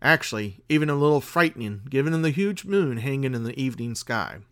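A man hosting a podcast and reading a spooky tale aloud in a measured, dramatic way. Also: mid-range voice, lively intonation, fairly bright tone. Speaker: podcast host and story reader. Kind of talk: scripted story narration.

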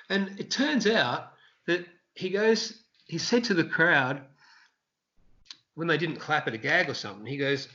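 In a muffled recording, a man recalls his days as a street performer, chatting casually in an interview at an unhurried pace. He brings his stories to life by shouting out quoted lines in a high voice.

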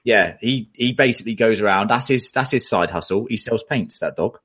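A man's voice: fairly low pitch, normal speed, fairly bright tone, breathy edge. A man co-hosting a podcast, chatting in a jokey way and laughing often. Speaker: podcast co-host. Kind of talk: casual chat.

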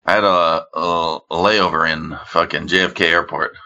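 Crude, rambling man, bright voice. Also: low-pitched, steady tone, moderate pace, dull audio. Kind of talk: casual chat.

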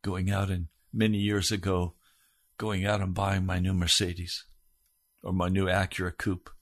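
A middle-aged man preaching as a pastor, firing urgent questions at his listeners and swinging from hushed lines to loud ones. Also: deep voice, little pitch movement, measured pace. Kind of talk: sermon.

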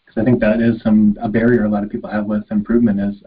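A man's voice: on the low side, little pitch movement, quick pace, husky. A man hosting a podcast interview, asking questions and affirming his guest sympathetically. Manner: sympathetic, affirming, with easy laughs. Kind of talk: casual interview chat. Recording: slightly muffled, dull audio.

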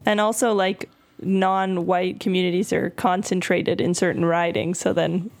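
A Canadian woman with a gravelly, creaky edge to her voice, co-hosting a casual podcast. Her humor is dry and sarcastic, delivered flatly. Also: fairly low pitch, normal speed. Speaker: co-host.

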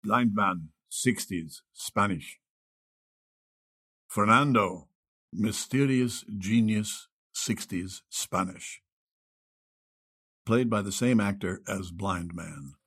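A man reading a play's cast list, slow and deliberate. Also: fairly low pitch, fairly bright tone, breathy edge.

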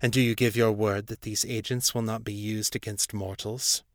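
A man voicing a wary, dignified female ruler who asks measured questions. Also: lowish voice, little pitch movement, no room sound, clean studio sound, natural voice.

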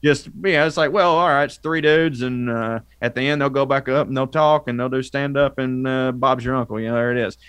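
A Southern-accented man chatting as a podcast guest, rambling and animated, often breaking off and restarting. His voice sits at an average pitch for a man. The recording is dry and close, with no room sound. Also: fairly quick, few pauses, smooth, no room sound. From American South. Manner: rambling, animated, self-interrupting. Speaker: comedian guest. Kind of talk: casual podcast chat.

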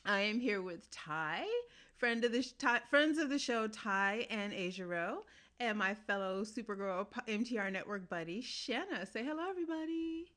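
A woman hosts a podcast in a loose, chatty way. She laughs often and keeps restarting her sentences as she thinks out loud, at an ordinary middle pitch. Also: normal speed. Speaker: podcast host. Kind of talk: casual chat.

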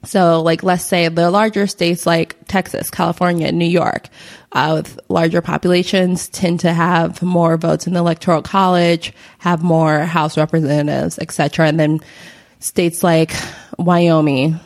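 Laughing woman podcaster, somewhat low voice. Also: level tone, a little slow. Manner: rambling, many fillers and restarts, laughs often. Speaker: podcast co-host. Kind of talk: casual chat explaining history.

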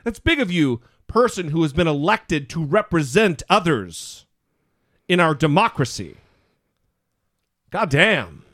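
Male co-host, high and expressive, sarcastic commentary. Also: unhurried, pauses often, dry recording, clean studio sound. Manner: animated, sarcastic, swears. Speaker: podcast co-host. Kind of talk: casual political commentary.

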